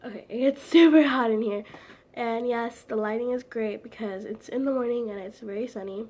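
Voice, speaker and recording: Rambling, slightly breathy teen girl vlogger. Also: a little high, a little fast, a little mellow. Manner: rambling, full of "like" fillers, giggly. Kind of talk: casual chat to camera.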